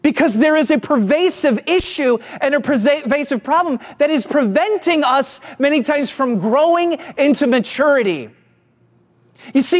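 A pastor with a Southern US accent, preaching and telling a self-deprecating story to his church. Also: very high-pitched. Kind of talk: sermon.

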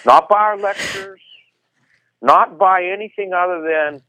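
A man speaking as a guest on a radio interview, animated and quick with jokes and asides. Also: high-pitched, dull audio.

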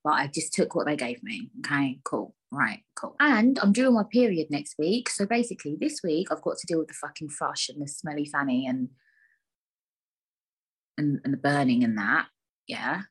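Young woman ranting on her podcast, kinda husky, lowish voice, swears a lot. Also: animated, moderate pace. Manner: blunt, candid, swearing, ranting. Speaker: podcast host. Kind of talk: casual solo podcast chat.

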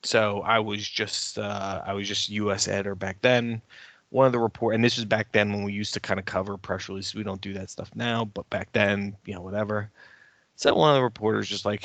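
A podcast co-host with a fairly low voice tells a story in a loose, conversational way. He is animated and ranty and grows heated as he goes. The sound is dry and close, with no room echo. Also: brisk. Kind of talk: casual chat, storytelling.

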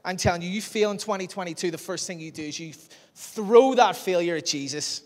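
A man's voice: high-pitched, fairly quick. A man preaching a sermon in a chatty, self-deprecating way, laughing often. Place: church hall. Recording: long hall reverb.

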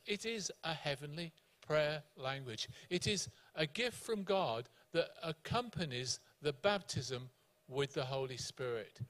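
A man guest pastor with a South African accent, explaining scripture in a measured, teaching way. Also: fairly high pitch, lively intonation, a bit bright.

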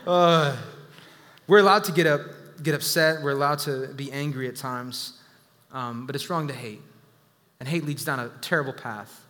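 A man in his thirties preaching a sermon, telling a story with self-deprecating humor and sudden animated bursts. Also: medium pitch, moderate pace, in a large hall. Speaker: pastor.

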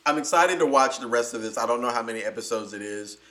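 A man co-hosting a podcast in casual chat, expressive and gushing about a show. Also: medium pitch, fast talker. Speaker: podcast co-host.

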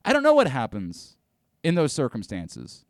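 A man's voice: medium pitch, wildly swooping pitch, moderate pace, no echo, studio quality. A man hosting a sports talk radio show, ranting with exasperation and frequent restarts.

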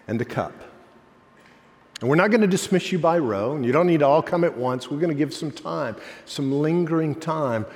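A man preaching a sermon as pastor, telling a story, then building to impassioned emphasis before dropping soft. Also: mid-range voice. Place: church sanctuary. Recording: long hall reverb.

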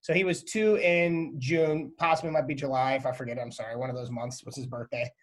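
A man in his thirties chatting as a podcast guest, telling animated stories and acting out his toddler. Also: mid-range voice, a little fast. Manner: animated storytelling, acts out his son. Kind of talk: casual interview chat.

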